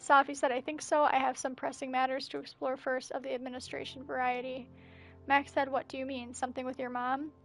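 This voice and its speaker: A woman's voice: high voice, flat delivery, fairly quick, vocal fry, soft background music. A woman streaming a game and reading its messages and journal entries aloud as narration, with breathless asides. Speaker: gameplay streamer. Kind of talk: reading game texts aloud during a playthrough.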